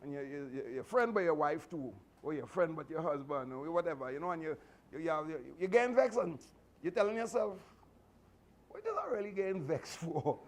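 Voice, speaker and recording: A man's voice: on the high side, animated, fairly quick, a little hiss or hum. A man, a martial arts instructor giving a motivational speech to his students, earnest and repetitive with many restarts. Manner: fatherly advice giving.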